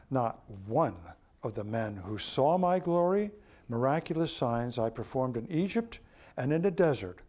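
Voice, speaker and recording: A man voicing God as a stern male deity pronouncing judgment, in a slow, solemn, lowered voice. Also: darkish tone, close to an everyday voice.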